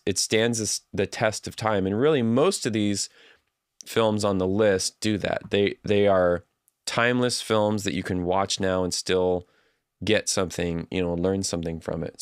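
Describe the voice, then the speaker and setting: A man's voice: low-pitched, steady tone, moderate pace, clean tone, no room sound, studio quality. A man hosting a livestream, chatting casually and reading out viewer comments. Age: adult. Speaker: livestream host.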